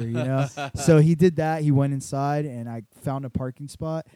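A young man in casual chat, telling a story with lots of swearing and animated retelling. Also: mid-range voice, fast, few pauses, no echo.

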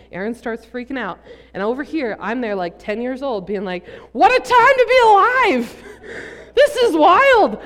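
A young woman giving a sermon, telling a funny personal story with jokey asides to the audience. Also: on the high side. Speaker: preacher. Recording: long reverb from a large hall.

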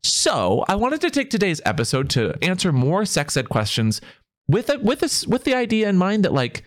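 A man's voice: high-pitched, huge pitch swings, normal speed. A man co-hosting a podcast in casual chat, with a playful, upbeat, jokey way of talking. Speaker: podcast co-host.

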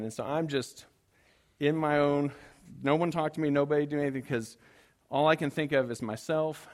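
A man's voice: fairly high pitch, normal speed. A man preaching to his congregation, telling a story with humor and acting out his own panic. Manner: animated, acts out his own frantic panic; self-deprecating humor with the congregation. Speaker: pastor. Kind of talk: storytelling sermon.

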